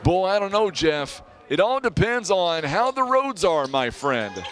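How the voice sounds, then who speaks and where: A man's voice: high voice, very animated, a little slow, fairly bright tone. Folksy southern radio play-by-play man. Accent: Southern American. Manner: chatty, folksy, reads sponsors and weather between plays. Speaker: play-by-play announcer. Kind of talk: radio sports commentary.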